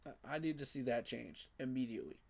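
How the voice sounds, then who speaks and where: A man's voice: mid-range voice, sing-song, fast, creaky. A man giving a frustrated, emphatic postgame reaction rant, repeating his points for emphasis. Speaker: sports fan commentator.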